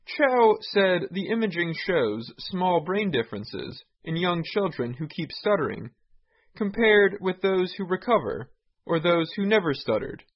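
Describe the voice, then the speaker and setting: Male news reader, scripted and measured, lively intonation, muffled lo-fi sound. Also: high voice.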